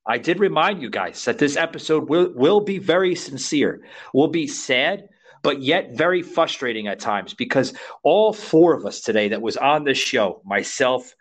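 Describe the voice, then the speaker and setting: A man's voice: mid-range voice, expressive, normal speed. A man hosting a podcast, talking emphatically and repeating himself as he speaks straight to his listeners. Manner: emphatic, repetitive, addresses listeners as folks. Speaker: podcast host. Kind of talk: casual talk show discussion.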